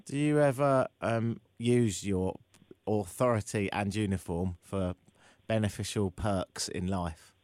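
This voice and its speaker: A man's voice: fairly low pitch, a little slow, a little mellow, dry recording. A man hosting a radio talk show, teasing and joking with his guests. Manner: teasing, playful, dry wit. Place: radio studio. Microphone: studio microphone.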